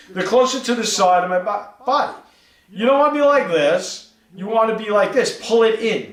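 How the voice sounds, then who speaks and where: A man's voice: high voice, reverberant, recorded from a distance. A man teaching guitar on a live stream, coaching step by step and often checking in with "right?" and "see that?". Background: guitar playing.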